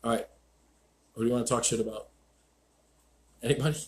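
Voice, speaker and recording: A man's voice: medium pitch, fairly even intonation, fairly quick. A man hosting a live stream as a dog trainer, telling stories in a blunt, profane, ranting way.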